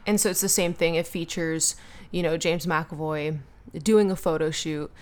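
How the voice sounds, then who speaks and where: A woman's voice: sits low, fairly even intonation, darkish tone. A woman co-hosting a fan podcast, chatting casually, giggly and gushing. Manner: giggly, gushing, talks fast. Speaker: podcast co-host.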